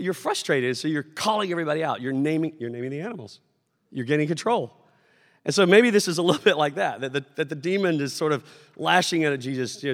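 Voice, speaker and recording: Animated male preacher in a reverberant hall. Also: fairly high pitch, fast talker. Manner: conversational, animated storytelling with acted-out shouts. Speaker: pastor. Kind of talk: sermon. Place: church sanctuary.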